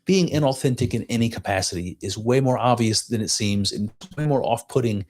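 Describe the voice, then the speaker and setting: A man's voice: mid-range voice, fairly quick, a little mellow. A man co-hosting a podcast in casual chat, earnest and rambling, circling his point with restarts. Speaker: podcast co-host.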